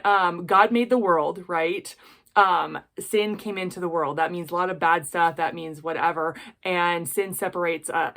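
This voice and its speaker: A woman hosting a jewelry-making tutorial, chatting warmly to viewers and ending with a heartfelt prayer. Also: fairly low pitch. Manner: gushing, chatty, addresses viewers directly. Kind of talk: casual tutorial with closing prayer.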